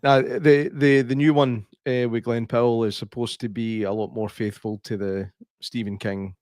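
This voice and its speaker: Scottish male co-host, deadpan ribbing, medium pitch, dry sound. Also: moderate pace, dry recording. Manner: dry, teasing. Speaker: podcast co-host. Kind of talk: casual chat.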